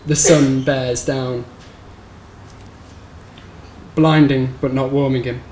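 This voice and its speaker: A man reads his short story aloud in a bookshop event room, with a measured, somber delivery. His voice sits at a middling pitch and moves in a flat, narrow line. The room answers with a roomy echo and a faint hum of background noise. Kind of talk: live reading of literary fiction. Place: bookshop event space, live audience.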